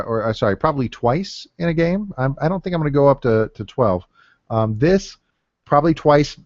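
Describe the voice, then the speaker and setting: A man with a medium-pitched, slightly mellow voice, recorded dry on a dull lo-fi mic with no echo. He's a gameplay commentator drafting in a card game, thinking aloud casually about deck-building, full of fillers and counting under his breath.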